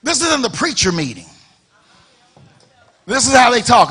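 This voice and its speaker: A male pastor preaching in a church with a high, bright, ringing voice. He fires off rhetorical questions and repeats his phrases, building up to shouted emphasis. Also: big pitch swings, fairly quick, breathy edge. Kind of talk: preaching a sermon. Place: church sanctuary.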